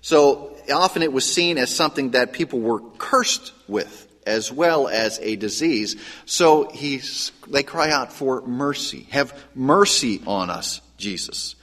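A man preaching as a pastor, teaching in a conversational, animated way and acting out quoted lines. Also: mid-range voice, a little slow, hardly any pauses. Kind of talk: sermon. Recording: long hall reverb.

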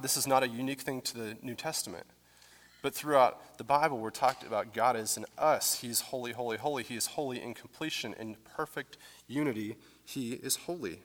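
Male pastor, casual explanatory sermon voice, mid pitch, echoing sanctuary. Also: normal speed, fairly bright tone. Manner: conversational, explanatory, with fillers. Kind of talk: teaching sermon. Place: church sanctuary.

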